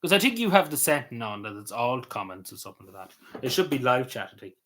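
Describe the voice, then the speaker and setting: A man with a Cavan Irish accent chatting casually on a live stream, answering comments in a halting way that trails off quietly at the ends of phrases. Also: medium pitch, sing-song. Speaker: livestreamer.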